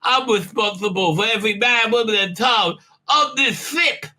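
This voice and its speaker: A man's voice: sits high, moderate pace, pushed and bright, voice pushed up, full character voice. A man putting on the voice of an anxious male starship doctor, talking in a whiny, self-reproaching way. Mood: fretful.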